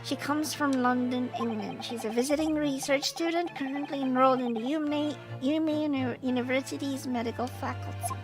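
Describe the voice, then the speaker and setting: A woman voicing a polite male undercover detective in a game, speaking calmly and matter-of-factly. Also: high voice, normal speed, hardly any pauses, over music, lightly acted.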